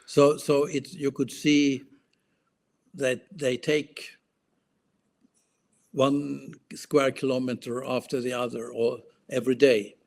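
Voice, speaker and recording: Slow-talking guy, stops and restarts a lot, mid-range voice. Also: mid-range voice, flat delivery, gravelly, darkish tone. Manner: slow, halting, many restarts and fillers. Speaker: guest analyst. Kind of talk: casual political discussion.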